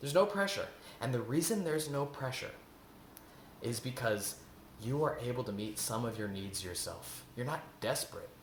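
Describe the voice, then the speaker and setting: Male coach, mid-pitched, earnest and repetitive, teaching in a roomy, echoey space. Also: a little hiss or hum. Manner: earnest and repetitive, asks rhetorical questions. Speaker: eating coach. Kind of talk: spoken self-help lesson. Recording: echoey room.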